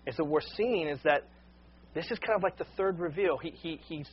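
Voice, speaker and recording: A man's voice: a little high, a little fast, breathy edge, highs cut off. A man preaching a sermon, earnest and unscripted, often repeating words as he starts a sentence. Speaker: pastor.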